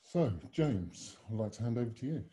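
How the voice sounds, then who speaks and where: A man's voice: mid-range voice, expressive, normal speed, mellow. A man hosting and presenting a webinar over a video call, talking in broad, expansive metaphors. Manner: expansive, fond of extended metaphors. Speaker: webinar host and consultant.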